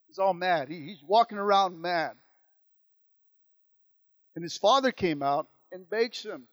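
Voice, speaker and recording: A man's voice: high voice, brisk, dry recording. A man preaching a sermon as pastor, repeating lines and calling out to the church. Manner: preaching with call-outs and repetition.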